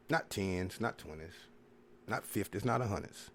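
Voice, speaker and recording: Low-voiced man ranting on a podcast. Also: big pitch swings, unhurried. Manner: rambling, profane, preachy, repeats filler phrases. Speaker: podcast host. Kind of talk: casual monologue rant.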